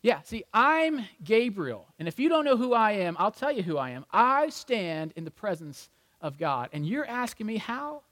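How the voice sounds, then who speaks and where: A man's voice: sits high, very animated, moderate pace, fairly bright tone. A male preacher voicing a blunt, exasperated archangel messenger with brash, sassy retorts. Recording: long reverb in a large hall.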